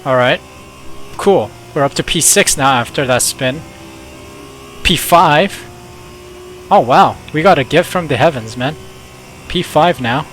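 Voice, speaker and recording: A man's voice: a little high, unhurried, pauses often. Young male gamer, casual play-by-play, mid voice, light background noise. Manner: chatty, excitable reactions. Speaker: gaming YouTuber. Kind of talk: casual gameplay commentary.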